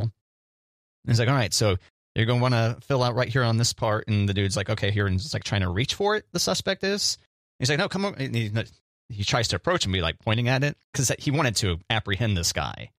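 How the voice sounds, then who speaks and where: Guy co-host with a lowish voice, chatty and goofy, tells long stories, dry sound. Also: fairly bright tone, no echo. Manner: rambling storyteller, jokey, hums sound effects. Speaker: podcast co-host. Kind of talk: casual chat.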